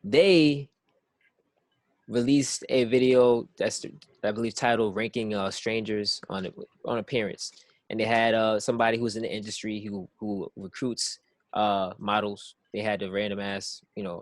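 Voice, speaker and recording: A man's voice: fairly low pitch, fairly even intonation, moderate pace, no room sound. A man co-hosting a casual podcast who rambles and circles back to "it's like", often repeating words as he thinks through his point. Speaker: podcast co-host.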